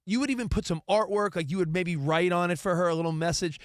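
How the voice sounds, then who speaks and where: A man co-hosting a sports talk show, playful and quick with questions for his partner. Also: sits high, no echo, studio quality. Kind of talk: casual sports radio banter.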